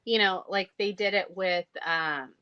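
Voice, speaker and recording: A woman's voice: medium pitch, unhurried, clean tone, lo-fi sound. A woman co-hosting a casual pop culture podcast, chatty and enthusiastic, rambling from one thought to the next. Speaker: podcast co-host. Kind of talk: casual chat.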